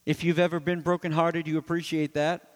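A man pastor preaching emphatically, his high voice climbing on loud points and dropping low to quiet ones. His words ring with a long reverb in a church. The delivery stays forceful and personal throughout. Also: little pitch movement, a little fast. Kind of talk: sermon.

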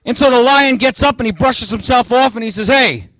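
A man preaching an expository sermon, animated and theatrical, joking with the congregation as he works through the verses. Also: very high voice, fairly quick, no room sound.

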